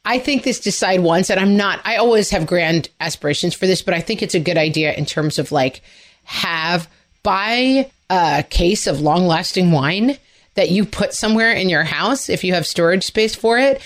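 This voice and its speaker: A woman's voice: lowish voice, animated, moderate pace. A woman co-hosting a podcast, chatting in a loose, reflective way with plenty of fillers. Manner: conversational, reflective, many fillers. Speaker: podcast co-host. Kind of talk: casual chat.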